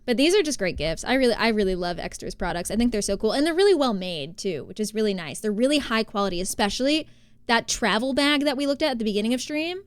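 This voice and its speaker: A young woman talks loosely to her stream, circling back on herself with fillers and restarts. Her voice sits a little on the high side. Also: expressive, fast talker, clear, resonant tone, dry recording. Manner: rambling, chatty, many fillers and restarts. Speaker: livestreamer. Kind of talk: casual live-stream chat.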